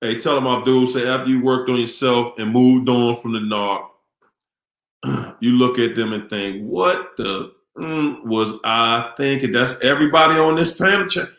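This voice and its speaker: In an echoey room, a man with a medium-pitched, fairly bright voice hosts a live Q&A stream at normal speed. He chats casually and animatedly with viewers, repeats himself, and puts questions to the audience in a preachy manner.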